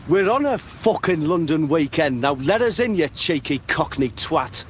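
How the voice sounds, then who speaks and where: A man's voice: fairly high pitch, sing-song, normal speed. An actor playing a brash, swearing lad from Newcastle who acts like he knows London. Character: brash, know-it-all northern lad on a London trip. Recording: street and traffic noise.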